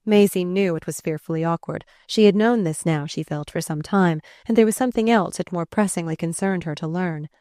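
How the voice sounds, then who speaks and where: A woman's voice: on the low side, no echo, studio quality. Woman narrating a classic audiobook. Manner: measured, expressive reading.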